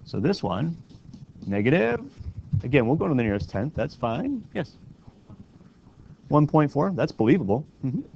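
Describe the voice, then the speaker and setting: Male classroom math teacher, mid-pitched, step-by-step, keeps checking in with students; dull lo-fi recording. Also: big pitch swings, moderate pace, vocal fry, long pauses, slight background noise. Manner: walks students through steps with frequent questioning "right?". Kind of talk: classroom lecture.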